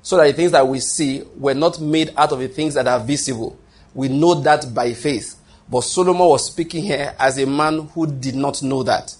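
A man's voice: medium pitch, moderate pace, breathy edge. A male pastor preaching a sermon, emphatic and repetitive, often restarting phrases and asking his listeners if they follow. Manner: repetitive, emphatic, with frequent restarts and rhetorical questions.

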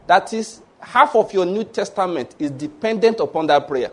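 High-voiced Nigerian pastor preaching. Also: male voice, lively intonation, normal speed, hardly any pauses. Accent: Nigerian English. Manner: storytelling, mimics voices, bursts into shouted mock prayers. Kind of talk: sermon.

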